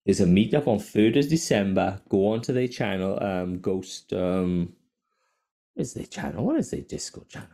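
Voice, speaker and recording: Low-pitched with vocal fry, this man speaks at a normal speed while hosting a casual podcast. His storytelling is animated, full of nonstop cursing, and often broken up by laughter.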